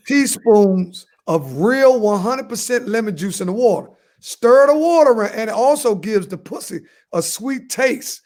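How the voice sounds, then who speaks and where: A man co-hosting a comedy podcast, giving crude advice in a boastful, repetitive way and laughing at his own jokes. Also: sits high. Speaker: podcast co-host.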